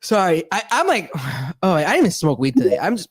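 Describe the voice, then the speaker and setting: A woman's voice: lowish voice, very animated, fairly quick, husky, no room sound. A woman from Canada hosting a live online talk show in a slangy, giggly way, swearing freely. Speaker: host.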